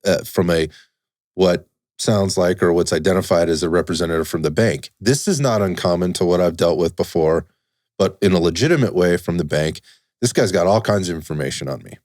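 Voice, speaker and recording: A low-pitched man recounts a story in loose, casual conversation, animated and swearing freely. His voice is recorded close and dry, with no room sound around it. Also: fairly quick, dry recording. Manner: animated, acts out quoted dialogue, swears casually.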